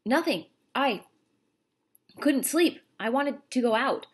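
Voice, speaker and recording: A woman's voice: high-pitched, expressive, slow pace, slightly rough, pitched above the performer's own voice, exaggerated voice. A woman voicing a frightened young boy. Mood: anxious.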